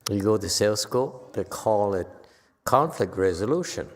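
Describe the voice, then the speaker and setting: A man giving a casual Buddhist talk to a group, with loud bursts when he acts out quoted lines. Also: lowish voice, lively intonation, normal speed, long reverb tail. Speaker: Buddhist teacher. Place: temple hall.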